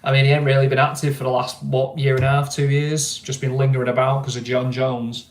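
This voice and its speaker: A man's voice: mid-range voice, level tone, fairly quick. Rambling man in an echoey room. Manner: rambling, repeats words and uses many fillers. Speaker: podcast host. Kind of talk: casual sports chat. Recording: echoey room, faint noise.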